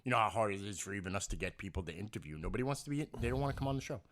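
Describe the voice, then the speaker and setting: A man's voice: on the low side, racing. A man with a New York accent co-hosting a podcast, chatting casually and telling stories with lots of laughter. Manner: animated storytelling, laughs often, slips into put-on accents. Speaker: podcast co-host. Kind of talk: casual chat. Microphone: podcast mic.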